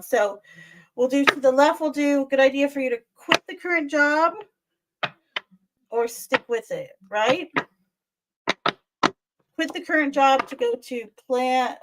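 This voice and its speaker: A woman's voice: sits high, background noise. Chatty woman reading tarot live. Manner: chatty and soothing, calls viewers "my dear" and "lovey". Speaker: tarot reader.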